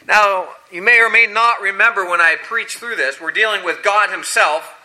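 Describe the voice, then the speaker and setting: A man preaching a sermon, telling scripture stories dramatically and acting out the quoted lines with big swings in pitch and loudness. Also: normal speed, rough recording.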